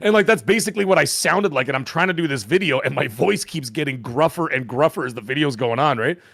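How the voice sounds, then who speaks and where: A man in his fifties, hoarse from a lost voice, telling a rambling, animated story as a podcast co-host. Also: fairly high pitch, fast talker, no echo, studio quality. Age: 50s. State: hoarse, recovering voice. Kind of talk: casual chat.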